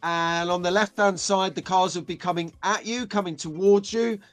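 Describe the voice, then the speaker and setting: A middle-aged British man hosting a casual live stream, chatty and excitable, greeting viewers by name. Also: high-pitched, moderate pace, faint music behind.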